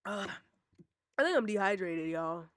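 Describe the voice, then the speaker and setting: A woman's voice: mid-range voice, expressive, measured pace, dry recording, studio quality. A woman giving casual, self-deprecating commentary while playing a game. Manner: self-deprecating, blurts out asides. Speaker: game streamer. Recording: game music behind.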